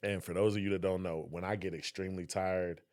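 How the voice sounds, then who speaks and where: A young man co-hosting a podcast, telling stories in a casual, animated way and acting out voices. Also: deep voice, fast. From Southern West Virginia. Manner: animated storyteller, acts out voices. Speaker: podcast co-host. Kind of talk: casual conversation.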